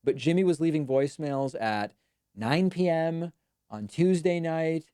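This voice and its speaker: A man's voice: fairly high pitch, measured pace, dark tone, smooth, no echo. A man hosting a live stream, giving dry, wry commentary in a casual chatty way.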